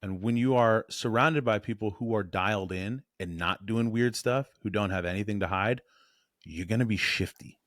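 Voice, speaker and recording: A man coaching on voice and presence in a blunt, animated, casual way, correcting himself as he goes. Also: on the low side, normal speed, dry recording, studio quality.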